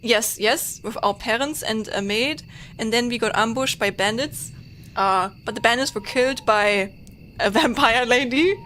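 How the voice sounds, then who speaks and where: German-accented woman streamer, high and bright, rambling and giggly casual chat. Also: normal speed, slight background noise. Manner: giggly, rambling with many fillers. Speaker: VTuber host.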